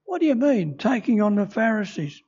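A man's voice: high voice, big pitch swings, moderate pace, darkish tone, slightly rough, exaggerated voice. An older man voicing an astonished male onlooker who questions a friend in disbelief. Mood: incredulous. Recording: dull lo-fi recording.

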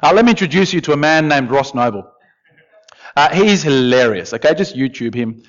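A man preaching a sermon in a conversational, animated way, with asides to the congregation. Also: fairly high pitch, fairly quick. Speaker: pastor. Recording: dull, lo-fi sound.

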